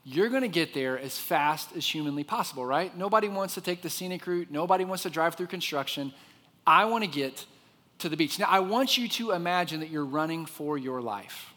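A man preaching a sermon, telling the story with lively expression and dropping to a hushed voice for the quiet parts. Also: on the high side, brisk, long reverb tail. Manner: expressive storyteller, drops to a soft hush for quiet moments. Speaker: pastor.

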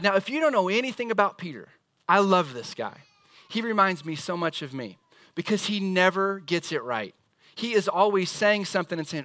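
A male pastor preaching a sermon in a lively, conversational, storytelling way. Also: high-pitched, brisk, no echo, clean studio sound.

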